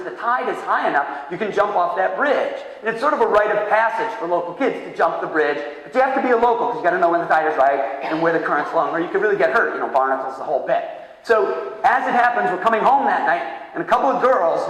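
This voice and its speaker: Animated man giving a keynote in an echoey hall. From Massachusetts, USA. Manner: animated storyteller, acts out voices with big pitch jumps. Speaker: keynote speaker. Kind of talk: conference keynote talk. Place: large hall. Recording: echoey hall, heard from far off.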